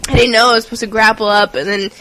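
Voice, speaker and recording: A woman co-hosting a gaming podcast in casual chat, telling animated stories and giggling often. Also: fairly high pitch, racing, crowd noise, low-quality recording. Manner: giggly, animated storyteller who acts out quotes. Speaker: podcast co-host.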